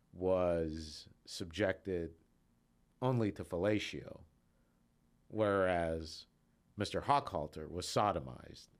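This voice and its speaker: A man voicing a male attorney cross-examining an expert witness, halting and slow with many ums. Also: sits low.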